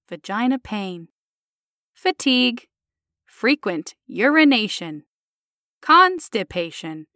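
A woman voicing a stiff, rusty robot patient who lists her symptoms in a flat, emotionless monotone. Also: a little high, dry recording, clean studio sound, exaggerated voice.

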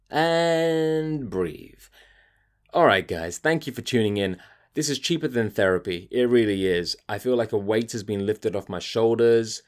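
A man's voice: on the low side, moderate pace. A man hosting a podcast, ranting in an exasperated, profane monologue. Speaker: podcast host.

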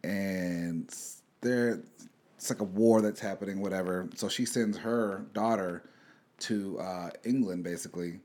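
A man's voice: sits low, unhurried, a little mellow. A man in casual podcast chat, rambling and teasing, full of fillers.

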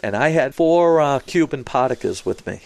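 Speaking at normal speed with a medium pitch and vocal fry, this podcast co-host from Boston animatedly relates a casual story and performs the voices of those he quotes. There's no room sound.

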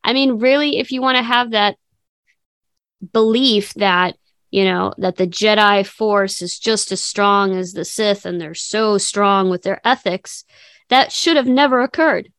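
A woman co-hosting a casual film podcast, talking in an animated way and acting out quotes in voices. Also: mid-range voice, unhurried, smooth, no echo, clean studio sound. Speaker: podcast co-host. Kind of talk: casual chat about films.

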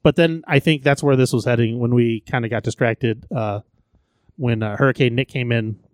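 A man's voice: mid-range voice, fairly even intonation, normal speed, no room sound, studio quality. A man co-hosting a podcast, chatting loosely about a film and laughing as he retells its scenes. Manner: laughs often, retells scenes with acted quotes. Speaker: podcast co-host. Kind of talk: casual movie review chat.

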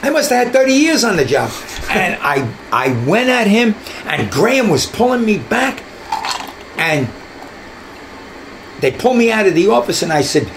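An older man tells stories from his years as a detective, slipping into the voices of the people he quotes. His voice sits a little high for a man. A faint hiss runs under the talk. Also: normal speed, low-quality recording. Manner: animated, acts out quoted voices. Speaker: retired detective guest. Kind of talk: storytelling in an interview.

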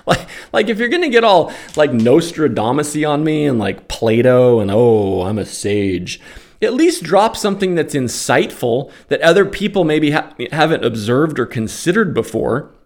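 Gravelly man ranting, exasperated and sarcastic. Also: on the high side, very animated, moderate pace, hardly any pauses. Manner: opinionated, exasperated, sarcastic, with mocking put-on voices. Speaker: stock day trader and commentator. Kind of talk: casual ranting monologue.

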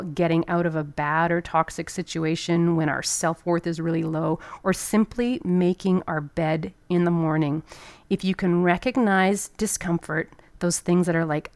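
Candid storytelling woman, lowish smooth voice. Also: unhurried, no echo. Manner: candid, animated storytelling with casual swearing. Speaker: motivational speaker. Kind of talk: personal story told to an audience.

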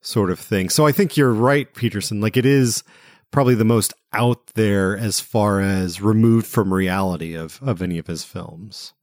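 Man, podcast host, lowish voice, dry close mic, loose and hesitant. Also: moderate pace, no echo. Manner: relaxed, hesitant with many fillers. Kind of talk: casual film discussion.

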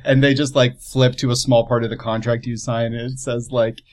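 A man's voice: mid-range voice, level tone, moderate pace, a little mellow. A man player in a tabletop role-play, casually describing his character, rambling and amused, with lots of fillers.

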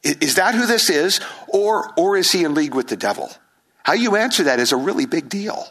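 A male pastor preaching a sermon, animated, asking the congregation rhetorical questions and acting out crowd voices. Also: fairly high pitch, a little fast.

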